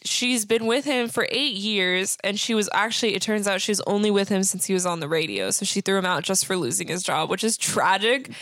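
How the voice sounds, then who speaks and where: A woman's voice: mid-range voice, fairly quick, few pauses, fairly bright tone, no room sound, studio quality. A young woman co-hosting a podcast, casually recapping a sitcom episode and laughing often as she retells scenes. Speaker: podcast co-host.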